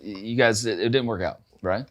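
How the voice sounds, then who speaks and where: Chill low-voiced guy hosting a music podcast, keeps saying man. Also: moderate pace, a bit bright. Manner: laid-back, says "man" a lot, eager follow-up questions. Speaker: podcast host. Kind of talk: casual interview chat.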